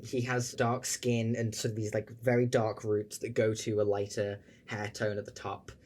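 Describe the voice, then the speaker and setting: A man's voice: lowish voice, completely flat delivery, normal speed, darkish tone. A man running a tabletop game as game master, narrating loosely with lots of "like" and "sort of".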